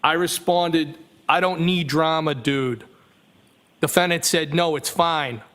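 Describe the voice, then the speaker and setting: A male witness in a courtroom, reading text messages aloud in a flat, measured way with small self-corrections. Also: fairly high pitch.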